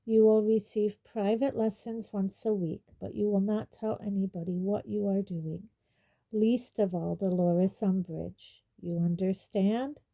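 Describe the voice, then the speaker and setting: A woman voicing a cold, sneering male wizard teacher who speaks in a quietly waspish, silky way. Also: medium pitch, fairly even intonation, measured pace, gravelly.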